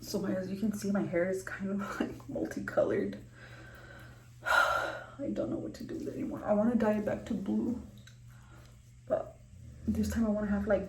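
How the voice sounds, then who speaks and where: Young woman vlogger, casual and rambling, slightly breathless, mid-pitched, roomy bathroom sound. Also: dark tone, slight background noise. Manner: rambling, many ums and likes. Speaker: beauty vlogger. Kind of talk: casual skincare vlog. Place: small bathroom. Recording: echoey small bathroom.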